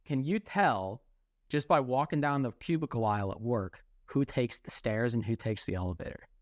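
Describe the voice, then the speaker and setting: A young man co-hosts a podcast, chatting casually and venting animatedly with plenty of swearing. His voice sits in the mid range at a normal speed, and the recording is dry, echo-free studio quality.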